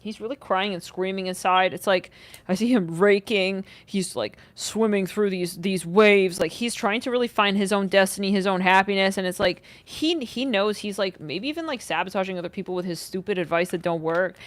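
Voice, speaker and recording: A young woman giving a casual livestream tarot reading, talking in an animated way with lots of "like", swearing and sudden outbursts. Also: mid-range voice, moderate pace, no echo. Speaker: tarot reader.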